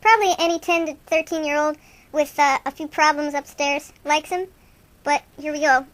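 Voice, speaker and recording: A woman's voice: high-pitched, fairly even intonation, normal speed, fairly bright tone. A woman hosting an improvised comic radio show, playing two goofy young male rock-fan buddies in rambling, self-mocking banter.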